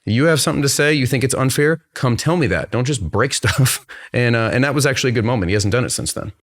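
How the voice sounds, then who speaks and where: A man's voice: mid-range voice, quick pace. A man hosting a podcast, telling a story about his son in a casual chat, acting out the quotes and laughing easily. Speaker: podcast host.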